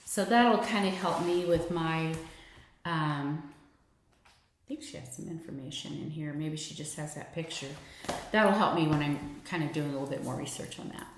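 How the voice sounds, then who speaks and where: A woman's voice: sits low, moderate pace. Chatty woman in a very echoey room. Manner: chatty and enthusiastic, drops to a near whisper at times. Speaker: cross-stitch vlogger. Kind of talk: casual show-and-tell chat. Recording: very echoey room with faint noise.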